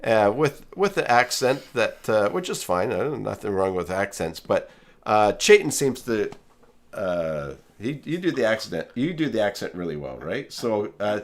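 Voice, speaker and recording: Lively low-voiced male stream host. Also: normal speed. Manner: rambling, many fillers and restarts. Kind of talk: casual live stream chat. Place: home studio.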